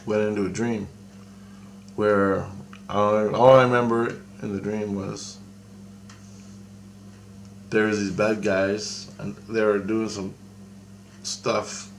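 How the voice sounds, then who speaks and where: Man with a low, gravelly voice telling a meandering story in a loose, conversational way over a faint hiss. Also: flat delivery, takes it slowly, pauses often. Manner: rambling, with many restarts and quoted dialogue. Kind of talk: casual storytelling monologue.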